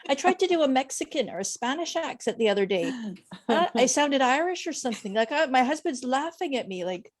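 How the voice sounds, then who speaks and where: A woman co-hosting a travel podcast, talking in an emphatic, animated way. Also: high-pitched, brisk. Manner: emphatic and heartfelt, animated storytelling. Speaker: podcast co-host. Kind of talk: casual chat.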